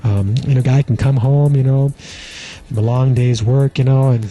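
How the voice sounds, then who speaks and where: A man's voice: medium pitch, fairly even intonation, moderate pace, dark tone. A male comedian delivering a rambling comedy monologue, full of casual asides. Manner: rambling, many filler asides. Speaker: stand-up comedian.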